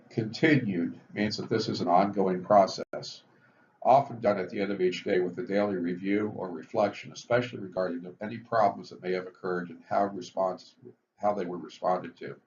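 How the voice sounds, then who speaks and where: A man with a low voice gives a measured lecture on the steps of recovery and puts weight on each heading. The recording sounds dull and lo-fi, with faint hiss behind him. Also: darkish tone. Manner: measured, explanatory, stresses step headings. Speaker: physician teaching addiction recovery.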